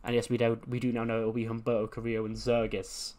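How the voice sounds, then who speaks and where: A man's voice: medium pitch, monotone, fast, a little mellow. A man casually commenting on a wrestling booking game, playful and chatty, acting out the scenes. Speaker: gaming video host.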